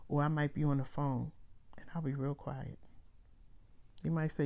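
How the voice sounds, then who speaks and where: Low mellow woman giving pep talk. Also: little pitch movement. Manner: emphatic, drawn-out phrases, reads viewer comments aloud. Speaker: host. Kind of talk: live-stream motivational talk.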